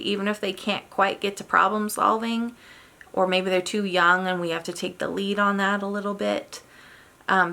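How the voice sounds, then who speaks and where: A woman's voice: lowish voice, vocal fry, bright, forceful tone. A woman giving an informal parenting talk in a chatty way, often checking in with "right?". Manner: chatty, acts out quoted voices, frequent "right?" and "like". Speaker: parenting workshop presenter.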